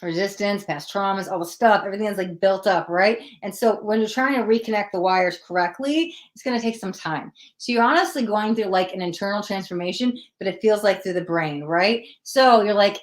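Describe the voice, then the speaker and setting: A woman's voice: medium pitch, quick pace, hardly any pauses. A woman hosting a live psychic tarot reading, chatting with viewers and talking through the cards as she pulls them. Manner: chatty, animated, acts out quoted voices. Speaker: tarot reader.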